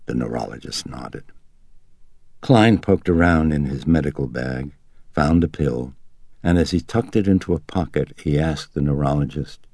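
Super deep raspy guy reading an audiobook, dry close sound. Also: a little mellow, no echo. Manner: measured, low-key reading with voiced character dialogue. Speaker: narrator. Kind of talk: audiobook narration.

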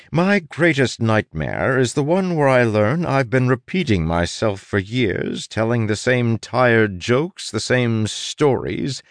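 Low-voiced man narrating with lively inflection. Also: no echo, clean studio sound. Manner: wry, dramatic pauses, stretched emphasis. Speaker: audiobook narrator. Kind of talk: scripted narration.

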